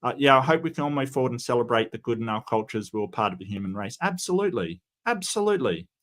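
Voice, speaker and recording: A man's voice: mid-range voice, lively intonation, quick pace, a bit bright. A man chatting casually on a livestream, reading and answering chat, rambling with many restarts and fillers while giving strong opinions.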